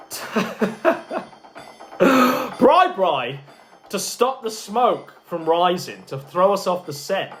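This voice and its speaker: A man casually rambling and boasting as he wraps up a livestream, mocking and chatty. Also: high voice. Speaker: streamer.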